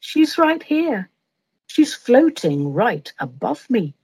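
A woman's voice: fairly high pitch, sing-song, slow, darkish tone, slightly rough, full character voice, low-quality recording. A woman voicing a kindly old male medium who speaks in soothing, sweet tones.

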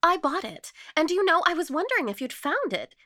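A woman voicing a brisk, practical lady visitor in a spoken story, speaking high and insistently. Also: sing-song, fairly bright tone, no echo, clean studio sound. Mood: eager. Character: brisk, cheerful, practical middle-aged English lady.

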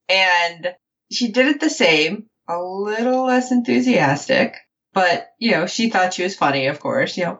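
A woman co-hosting a casual recap show, animated and acting out the characters' lines as she tells it. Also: fairly low pitch, moderate pace, lo-fi sound. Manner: animated, quotes characters in playful voices. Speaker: podcast co-host.

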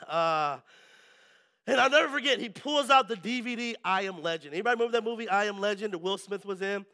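A male pastor preaching a sermon, telling lively stories and often checking in with the congregation. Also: sits high, a little fast. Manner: lively storytelling, keeps asking the crowd "right?".

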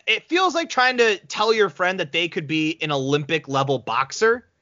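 A man's voice: high voice, moderate pace, dry recording, dull audio. A man co-hosting a podcast in casual chat, telling stories animatedly and slipping into voices. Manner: animated storyteller, slips into voices. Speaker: podcast co-host.

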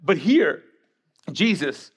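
A man preaching a sermon as pastor, animated and joking, acting out the voices of the figures in the story. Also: a little high, slow pace, slightly rough.

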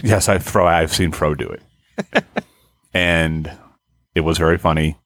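Laid-back man, very low voice, casual podcast banter. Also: slow pace, fairly bright tone, no room sound. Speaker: podcast co-host. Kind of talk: casual chat.

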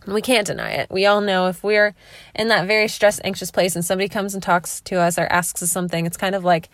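A woman's voice: medium pitch, flat delivery, quick pace, fairly bright tone, no echo. A woman hosting a casual solo podcast, chatty and rambling with frequent laughs, recorded in her parked car. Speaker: podcast host.

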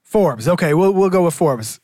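A man's voice: a little high, lively intonation, moderate pace, a little mellow, no room sound, studio quality. A man co-hosting a casual podcast chat, skeptical and sarcastic, arguing his points. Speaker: podcast co-host.

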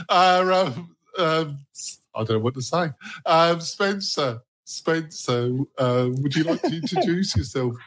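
A man's voice: on the high side, expressive. Guy hosting a tech podcast roundtable, joking around, lots of ums. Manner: jokey, laughing, halting fillers. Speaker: podcast host. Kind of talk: casual roundtable chat.

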